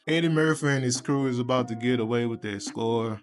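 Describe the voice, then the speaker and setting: A man's voice: mid-range voice, a little fast, faint music behind. A young man reviewing a movie in a casual, crude and sarcastic manner, full of profanity. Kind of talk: casual video commentary.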